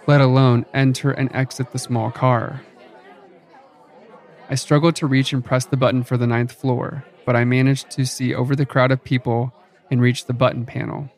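A man giving a scripted horror story narration in an even, measured reading. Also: medium pitch, some chatter behind.

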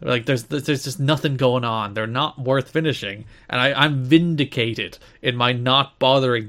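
A man's voice: medium pitch, normal speed, few pauses, a bit bright. A man co-hosting a casual podcast, rambling and sarcastic, often breaking into laughter. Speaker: podcast co-host.

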